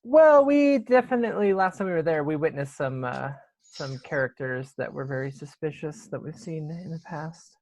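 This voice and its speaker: A woman's voice: low-pitched, expressive, moderate pace, a little mellow. A woman playing a tabletop game over a video call, talking casually and hesitantly. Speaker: player.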